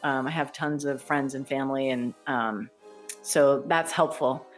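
Woman, low voice, enthusiastic, laughs easily, podcast guest. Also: fairly even intonation, a little slow, soft background music. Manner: chatty, enthusiastic, laughs often. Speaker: voice actor guest. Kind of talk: casual podcast interview.

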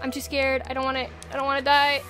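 A woman commentating her own gameplay, excitable and prone to yelping and shouting at the game. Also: high voice, fast. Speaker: let's play gamer. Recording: game music loud behind voice. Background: loud game music.

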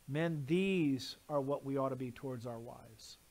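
A man's voice: mid-range voice, a little slow, creaky, hardly any pauses, darkish tone. A man preaching a sermon as pastor, with emphatic delivery and repeated lists of words. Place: church sanctuary.

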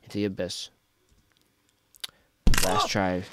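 A man's voice: fairly low pitch, lively intonation, measured pace, gravelly, long pauses, background noise. A young man giving casual let's-play commentary, talking to himself, frustrated and joking as he plays. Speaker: gaming video host.

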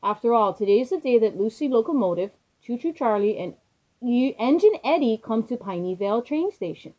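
A woman's voice: a little high, expressive, fairly quick, muffled recording. A woman voicing a friendly male train station manager in a children's storybook.

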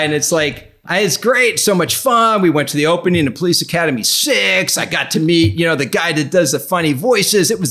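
A man speaking as an expert guest in a podcast interview, animated, acting out quotes and laughing often. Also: fairly high pitch.

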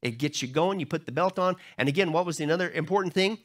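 A man's voice: on the high side, quick pace. A man preaching a sermon as pastor, emphatic and joking, often asking the congregation rhetorical questions.

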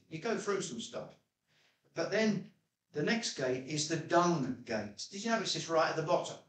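A man preaching a sermon as pastor, telling stories in a chatty way and jumping high in pitch when he quotes himself. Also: very animated, moderate pace, a bit bright. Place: church hall. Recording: echoey church room, mic at a distance.

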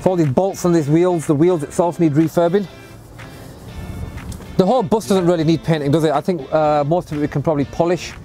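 A man's voice: fairly high pitch, a little fast, warm tone, faint music behind. A man talking casually to camera in a vlog, upbeat and chatty, outdoors beside a bus. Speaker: vlogger and bus converter.

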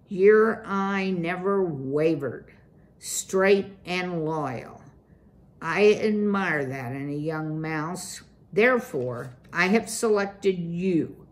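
A woman's voice: fairly low pitch, darkish tone. A woman voicing a pompous, fussy father mouse who speaks formally and grandly. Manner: formal, grand-sounding and self-important.

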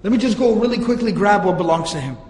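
A man voicing a proud, flustered man hastily giving in, talking in a hurried, placating way. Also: high-pitched, animated, darkish tone, echoey room, long reverb tail. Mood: nervous, placating.

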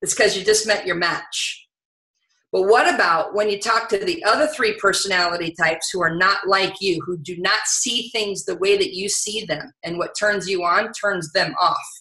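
A woman giving an energetic, conversational sales training talk, often saying "you know". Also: medium pitch, normal speed, roomy sound, low-quality recording.

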